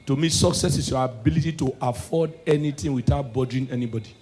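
A young man with a Nigerian accent doing live stand-up comedy, excitable and shouting his punchlines. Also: medium pitch, fast talker, slight background noise.

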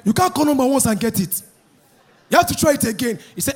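A Nigerian man doing lively stand-up with a very high voice. He mimics accents and shouts his punchlines. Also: fast, breathy edge. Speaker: stand-up comedian. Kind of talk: stand-up comedy.

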